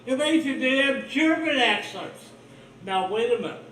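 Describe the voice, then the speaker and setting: High-voiced man ranting conspiracies. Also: animated, normal speed, pushed and bright, distant mic, a little hiss or hum. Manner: conspiratorial, blunt and profane. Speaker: livestream host. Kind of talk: rambling solo livestream monologue. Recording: roomy echo, voice off-mic, faint ambience.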